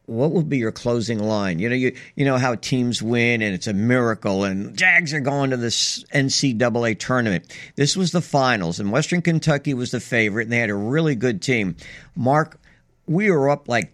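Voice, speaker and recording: An older man co-hosts sports radio and tells long, rambling stories from his broadcasting days. His voice is of middle pitch and sounds plain and easygoing. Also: a bit bright. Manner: storytelling, rambling anecdotes. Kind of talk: casual sports talk radio.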